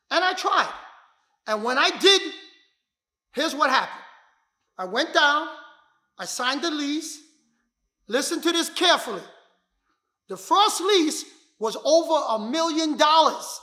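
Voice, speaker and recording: A martial arts instructor telling his story as a motivational talk, emphatic and repetitive, often bursting into shouts. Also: very high voice, lively intonation, measured pace, long pauses. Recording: echoey room.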